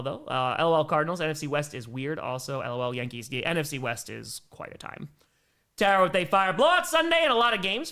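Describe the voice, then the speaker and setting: A young man hosts a casual live stream, reading chat messages and reacting. His voice sits high and bright and swings widely in pitch, from low mumbled asides to loud, excited bursts. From American Midwest.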